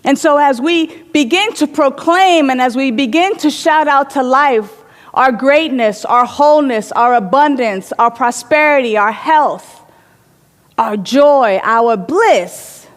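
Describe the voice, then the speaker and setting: A woman's voice: high voice, long reverb tail. A woman giving an inspirational sermon in a reflective manner, telling stories and repeating phrases for emphasis. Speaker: inspirational speaker.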